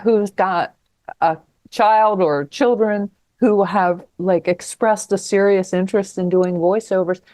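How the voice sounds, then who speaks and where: A woman's voice: mid-range voice, steady tone, a little slow, dark tone, dry recording. A woman hosting an interview show, asking engaged follow-up questions. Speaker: show host.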